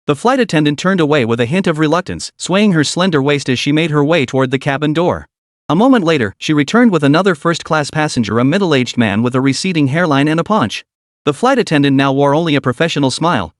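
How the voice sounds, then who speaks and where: A man reading a web-novel story aloud in a steady narration style. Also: a little high, fast talker, no echo, clean studio sound. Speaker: audiobook narrator. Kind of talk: scripted narration.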